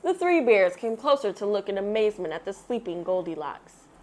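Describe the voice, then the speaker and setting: A woman reading a children's picture book aloud, with expressive storytelling, then sharing her thoughts. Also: mid-range voice, a little fast. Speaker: read-aloud host.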